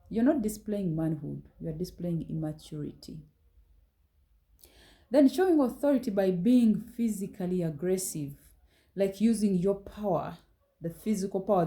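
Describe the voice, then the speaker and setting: A woman's voice: medium pitch, mellow, rough recording. A woman giving a talk on relationships, direct and reproving, firing pointed rhetorical questions at her listeners. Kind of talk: scolding motivational talk.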